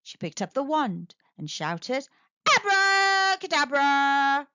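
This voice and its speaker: A woman telling a children's story aloud, with a sing-song, expressive delivery, in a slightly muffled, dry recording. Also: a little high, a little slow, no echo. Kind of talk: children's read-aloud narration.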